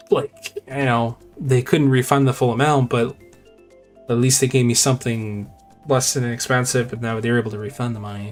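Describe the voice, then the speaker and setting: A man chatting on a game stream, at an ordinary pitch for a man. He rambles through a story with many fillers and restarts. Faint music plays in the background. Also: darkish tone. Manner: rambling, filler-heavy, repeats "I said". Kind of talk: casual storytelling chat.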